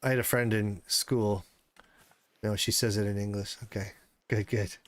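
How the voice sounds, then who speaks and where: A man's voice: on the low side, fairly even intonation, normal speed. A man in his thirties streaming a hunting game, chatting casually with his viewers and swearing when the game frustrates him. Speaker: livestreamer. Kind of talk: casual livestream chat while gaming.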